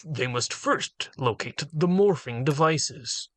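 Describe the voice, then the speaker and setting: A man reading the part of a wise old male alien mentor in a comedic fanfic reading, with measured, slow pronouncements. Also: on the high side, expressive, fairly bright tone, no echo, exaggerated voice. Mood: solemn.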